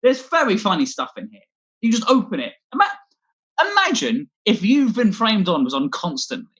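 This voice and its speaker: A man's voice: sits high, huge pitch swings, moderate pace, a bit bright, breathy edge, highs cut off. A man doing a scattered, self-deprecating stand-up set from home, swearing a lot as he talks. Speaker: stand-up comedian. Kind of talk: rambling online stand-up set.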